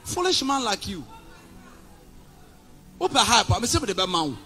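A Ghanaian man preaching with fiery defiance, his voice unusually high and swinging widely in pitch. He shouts and switches between Twi and English. Faint music plays under the sermon. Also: sing-song, measured pace, husky. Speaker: pastor.

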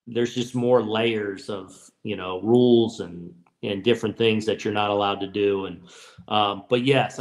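A middle-aged man, a baseball manager guest, telling childhood stories in a casual interview, with a rambling, restart-filled way of talking. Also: mid-range voice. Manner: rambling, frequent restarts and "you know" fillers.

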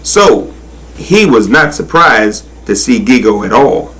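A man reading a children's storybook aloud in a slow, expressive, sing-song manner. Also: medium pitch, low-quality recording. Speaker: narrator.

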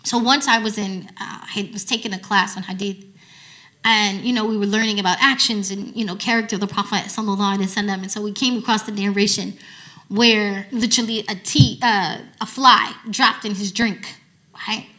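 An American woman teacher giving a sermon to a women's gathering, telling stories with lively swings from hushed to loud. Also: medium pitch, a little fast. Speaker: Islamic teacher.

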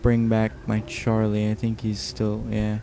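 A man's voice: fairly low pitch, monotone, unhurried, vocal fry, warm tone, slight background noise. A tired man giving casual, rambling commentary over a video game, joking and swearing often. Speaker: let's play host.

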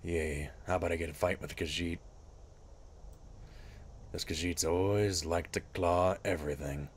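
Man doing a gruff lizard-man adventurer, extremely low voice, sarcastic, game commentary. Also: steady tone, a little slow, slight background noise. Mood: wry. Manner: dry sarcastic asides. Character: gruff male lizard-folk adventurer, wry and joking. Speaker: streamer.

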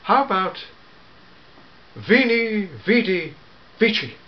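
A man's voice: high-pitched, lively intonation, slow pace, lo-fi sound. A man doing a fussy old time-traveller. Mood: fussy, chatty. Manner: fussy, hesitant, peppered with hmms and eh?s. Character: elderly fussy time-travelling gentleman, tetchy and grandfatherly. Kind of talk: fan audio drama monologue.

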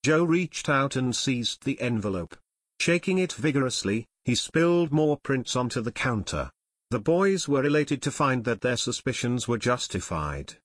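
A man reading an audiobook in steady scripted narration. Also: mid-range voice, normal speed.

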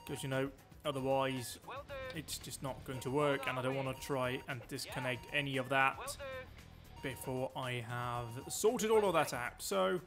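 A man giving excitable, chatty live commentary while he plays a game, joking to himself as he goes. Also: medium pitch, measured pace, music in the background. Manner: excitable, talks loud, quips at himself. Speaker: streamer.

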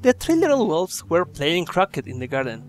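A man's voice: on the high side, huge pitch swings, a little fast. A man reading a children's horror story aloud, breaking off for chatty, joking asides to the listeners.

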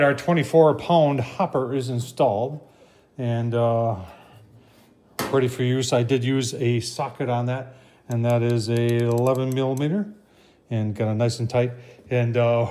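A product reviewer with a mid-range, slightly mellow voice speaks at normal speed as he assembles a product in a casual, folksy how-to. He chats with viewers, calling them "folks" and often saying "I tell you what," and the recording has a roomy echo.

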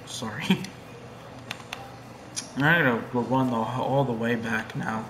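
A young man talking over his video game, cursing freely and swinging from hushed muttering to loud yelling at the screen. His voice sits at an ordinary middle pitch, and it bounces around an echoey room. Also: fairly even intonation, slow pace, noisy background. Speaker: gamer. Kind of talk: casual gameplay commentary.

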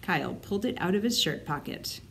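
A woman librarian reading a children's book aloud with expressive storytelling. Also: on the low side, a little fast, gravelly.

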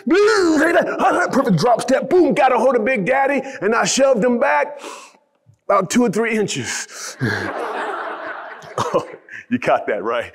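A middle-aged man from Ohio giving a motivational keynote, telling stories with animated, shouted emphasis. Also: mid-range voice. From Columbus, Ohio. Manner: animated, shouting storyteller with rising emphatic lines. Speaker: motivational speaker.

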